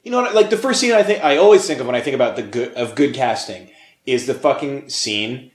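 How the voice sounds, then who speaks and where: A man's voice: mid-range voice, expressive, fairly quick, roomy sound. A young man co-hosting a casual podcast, enthusiastic, swearing and saying "dude" a lot. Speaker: podcast co-host. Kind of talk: casual chat.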